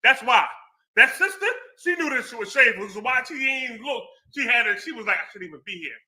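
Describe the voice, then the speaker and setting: Former cop, male, high lively bright voice, slangy storyteller. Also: quick pace. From American Southwest. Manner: street slang, animated storytelling. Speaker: former law enforcement. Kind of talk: casual chat.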